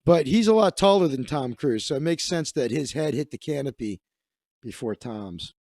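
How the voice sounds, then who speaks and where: A man's voice: a little high, animated, moderate pace, darkish tone, no echo, studio quality. A man hosting a comedic live stream, reading news aloud with sarcastic, profane asides. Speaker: host.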